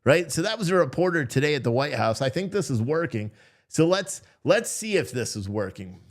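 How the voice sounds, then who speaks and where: A man's voice: fairly high pitch, moderate pace. A man hosting a profane, sarcastic political commentary rant. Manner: animated, profane, sarcastic, mocking impressions.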